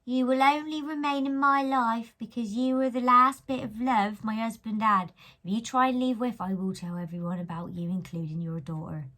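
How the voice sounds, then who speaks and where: A man voicing a cruel, possessive woman in a comic story reading, in a high put-on voice. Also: fairly even intonation, a little slow, gravelly, hardly any pauses, husky, full character voice. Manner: high put-on voice, breaking into laughter.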